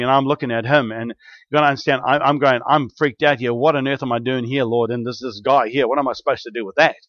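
A man telling a long spiritual testimony in an animated, rambling way, with many restarts and bursts of excitement. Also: medium pitch, dry recording. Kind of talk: testimony storytelling. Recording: dull, dry lo-fi recording.

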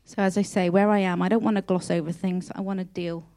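A woman's voice: on the low side, fairly even intonation, quick pace, gravelly, dark tone. A woman speaks in an earnest, heartfelt devotional talk. She sounds openly emotional and often repeats or restarts words mid-phrase. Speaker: Christian speaker.

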